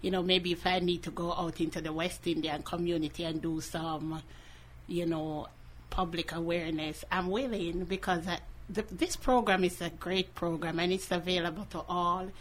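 Earnest low-voiced woman radio guest. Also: steady tone, normal speed, a little hiss or hum. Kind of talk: radio interview. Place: radio studio.

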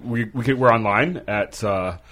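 Low-pitched male guest, halting and hesitant, radio studio chat. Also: a bit bright. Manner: hesitant, lots of fillers. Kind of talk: radio interview.

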